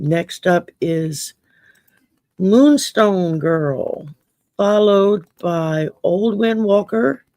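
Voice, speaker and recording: A Cajun woman from Louisiana hosts a laid-back late-night stream, reading cards for her viewers while cracking salty jokes and cussing. Her voice is low and creaky with a darkish tone, and there's no room sound at all. She swears freely and laughs a lot.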